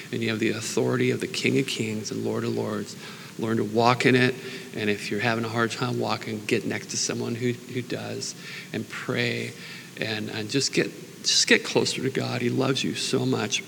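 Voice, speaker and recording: A man preaching in an unhurried, earnest, informal way, mixing Bible readings with personal prayer. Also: mid-range voice, creaky, fairly bright tone. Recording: long reverb, faint background noise.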